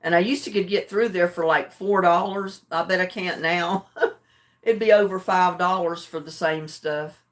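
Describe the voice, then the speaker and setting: An older woman chatting casually with her livestream viewers, drowsy and relaxed, homey and chuckling often. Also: on the low side, normal speed. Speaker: livestream host. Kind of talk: casual chat with live viewers.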